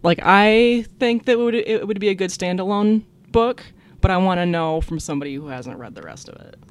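A man's voice: high-pitched, lively intonation, a little fast, clear, resonant tone. A man co-hosting a podcast, chatting casually and enthusiastically about books. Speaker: podcast co-host. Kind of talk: casual chat.

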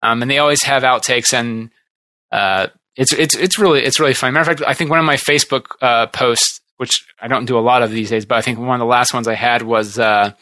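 A man hosting a podcast, chatting casually and retelling TV scenes in a rambling, animated way. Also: medium pitch, fast talker, no echo. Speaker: podcast host. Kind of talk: casual chat.

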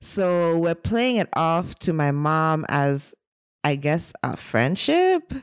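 A woman telling a personal story in a casual, animated, dramatic way, with many "like" fillers. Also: sits low, slow pace, smooth, no room sound, clean studio sound. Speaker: guest storyteller.

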